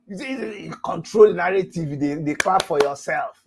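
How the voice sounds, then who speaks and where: A man in his fifties with a Nigerian accent, giving a mocking monologue in lively Pidgin-laced talk and laughing between lines. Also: a little high, moderate pace, slightly rough. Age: 50s.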